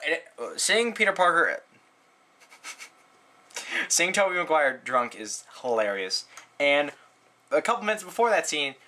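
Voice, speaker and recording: A man's voice: unhurried, pauses often. A man giving a casual movie review, rambling and sarcastic, with lots of "like" and "um" fillers. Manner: rambling, full of "like" and "um", sarcastic asides; animated, frequent jumps in pitch.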